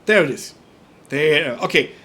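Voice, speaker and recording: Young German-accented man, slightly high voice, casual halting live-coding tutor. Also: expressive, fairly bright tone. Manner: halting, repeats words, thinks aloud while working. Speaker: livestream programming tutor.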